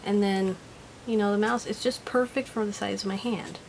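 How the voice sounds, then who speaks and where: A woman's voice: mid-range voice, fairly even intonation, moderate pace, vocal fry, poor audio. Woman, casual product review, home desk, chatty, giggly, self-deprecating, faint background noise.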